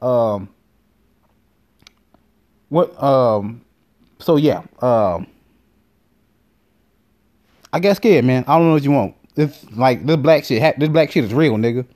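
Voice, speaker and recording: A man hosting a podcast, telling a comic story in an animated, profane way with many fillers. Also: medium pitch, slow, pauses often. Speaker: podcast host. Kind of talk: comedic storytelling monologue.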